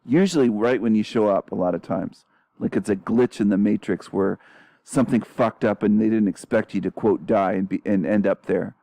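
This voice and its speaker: A man commenting on a clip, a low, mellow tone, bluntly challenging and repeating rhetorical questions with a dry, close sound. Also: normal speed, creaky, dry recording. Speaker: commentary channel host.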